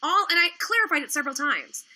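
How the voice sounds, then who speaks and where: Indignant high-voiced woman ranting. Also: very animated, fast, sharp tone. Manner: indignant, profane, sarcastic. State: tired, low energy. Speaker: livestream host. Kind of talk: ranting livestream talk.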